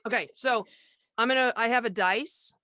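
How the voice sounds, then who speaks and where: A woman co-hosting a casual chat over a video call, running a party game in a playful, brisk way. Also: a little high, pushed and bright, dry recording, clean studio sound. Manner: playful, brisk, repeats prompts.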